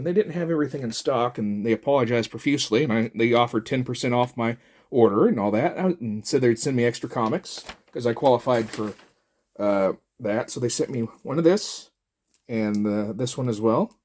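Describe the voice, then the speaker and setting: A man's voice: mid-range voice, darkish tone, slight background noise. Rambling middle-aged man. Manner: rambling and jokey, with many fillers. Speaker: toy reviewer. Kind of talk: casual chat.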